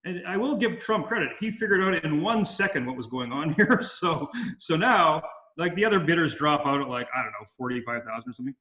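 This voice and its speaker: A man's voice: on the high side, fairly quick, bright, forceful tone. Guy rambling through a story, lots of ums and restarts, echoey room. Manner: rambling anecdotes with frequent fillers and restarts. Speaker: interview guest. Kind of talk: casual storytelling.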